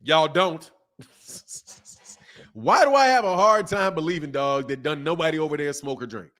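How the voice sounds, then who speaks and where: A man in his fifties chats on a live boxing stream, thanking viewers and riffing in loose slang. His voice sits a little high for a man, and he laughs often as he talks. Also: unhurried, fairly bright tone. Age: 50s. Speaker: boxing channel host. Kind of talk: casual live-stream chat.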